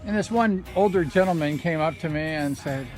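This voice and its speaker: A former motorcycle racer with a fairly high, slightly mellow voice speaks at a normal speed in a casual vlog. Outdoors by the ocean at low tide with his dog, he tells amused, self-deprecating stories in a chatty way. Background music plays under his voice.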